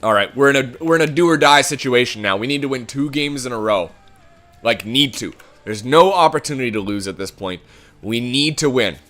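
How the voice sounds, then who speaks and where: Bright-voiced, foul-mouthed young gaming commentator. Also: male voice, medium pitch, expressive, a little fast, faint music behind. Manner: swears often, swings from muttering to angry yelling. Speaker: gaming YouTuber. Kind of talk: game commentary.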